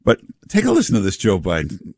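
A man hosting a talk radio show, joking and mocking in a casual, lively way. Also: sits low, a little fast, no room sound, studio quality. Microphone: studio mic.

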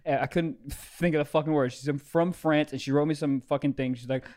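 A young man co-hosting a podcast, joking loudly and swearing in casual chat. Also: fairly high pitch, fairly quick, hardly any pauses. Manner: profane, animated, joking. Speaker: podcast co-host.

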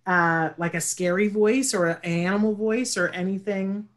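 A woman's voice: mid-range voice, fairly even intonation, normal speed. A woman hosting an interview casually, enthusiastic and full of praise for her guest. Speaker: interview host.

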